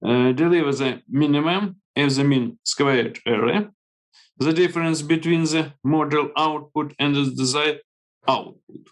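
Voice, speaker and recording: Slow, halting Ukrainian-accented man presenting. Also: on the high side, low-quality recording. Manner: halting, reads slides. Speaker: conference presenter. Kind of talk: reading a research presentation. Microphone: video call.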